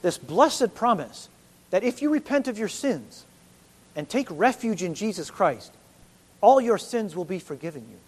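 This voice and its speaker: A man preaching a sermon to a congregation, earnest and rising to loud, emphatic peaks. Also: high-pitched, sing-song, moderate pace, slightly rough. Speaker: pastor.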